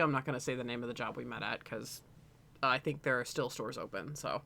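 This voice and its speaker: A man's voice: medium pitch, brisk, creaky, pushed and bright, dry recording. A man co-hosting a stream, chatting casually, rambling with frequent laughter and swearing. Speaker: streamer co-host. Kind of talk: casual chat.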